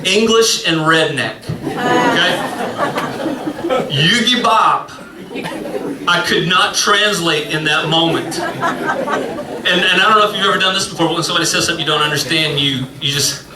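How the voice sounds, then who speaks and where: Male pastor, slightly high voice, rambling and self-mocking, recorded in an echoey sanctuary. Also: normal speed, far from the mic, a loud crowd, heavy background noise. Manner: rambling, self-mocking storytelling with frequent fillers. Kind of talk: sermon. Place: church sanctuary. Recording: echoey room, voice from off-mic.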